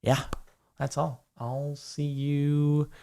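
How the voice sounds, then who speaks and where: A man's voice: a little high, level tone, extremely slow, gravelly, dark tone, slight background noise. A young man answering viewer questions on a livestream in a casual, rambling way, with lots of fillers and dry humor.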